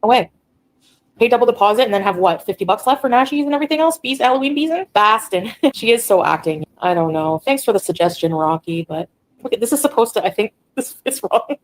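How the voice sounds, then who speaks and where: A woman's voice: on the high side, animated, fast talker, poor audio. A woman on a casual livestream, talking bluntly, ranting and reading chat aloud.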